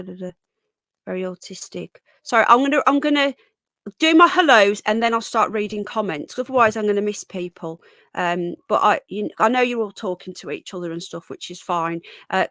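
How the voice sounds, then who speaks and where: A woman's voice: a little high, fairly bright tone, no echo, clean studio sound. A woman hosting a live stream, chatting and rambling as she greets viewers and often breaks off mid-sentence. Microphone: close desk microphone.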